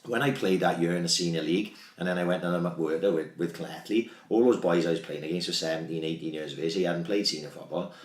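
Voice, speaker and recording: A man talking bluntly and swearing a lot in a casual podcast chat. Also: low-pitched. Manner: blunt, fast, sweary talk about football. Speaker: podcast guest. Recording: echoey room.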